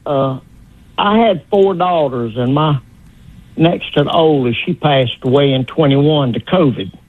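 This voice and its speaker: A man's voice: on the high side, unhurried, no echo. An older man calling in to a radio show, speaking in a friendly, folksy, polite way. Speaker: caller. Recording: tinny phone line.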